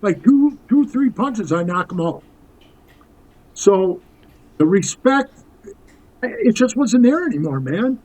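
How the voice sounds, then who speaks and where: A man's voice: sits high, very animated, takes it slowly, pauses often, dark tone, rough recording. A man in his sixties telling rambling, tough-talking stories as a podcast guest, calling the host "bro.". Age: 60s. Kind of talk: casual storytelling interview.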